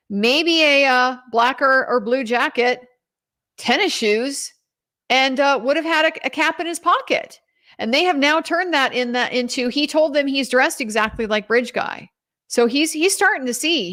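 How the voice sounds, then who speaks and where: A woman's voice: high voice, a bit bright. Earnest woman recapping a trial. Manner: earnest, emphatic retelling. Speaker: trial commentator. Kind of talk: casual spoken recap of courtroom testimony.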